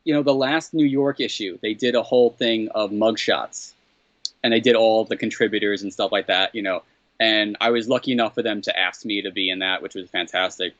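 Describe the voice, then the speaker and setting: A man being interviewed as a comedy writer, telling a story in a loose, chatty way. He acts out the quoted exchanges in a higher voice and laughs often. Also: steady tone, a little fast, a bit bright, no echo. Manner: laughs often, repeats "what the hell". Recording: dull, slightly lo-fi sound.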